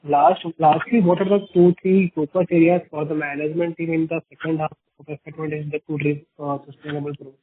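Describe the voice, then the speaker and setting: Male analyst, slightly higher voice, formal and polite; phone line. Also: level tone, a little fast, few pauses, husky. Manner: formal and polite, reads prepared questions. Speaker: analyst asking questions. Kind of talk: earnings conference call.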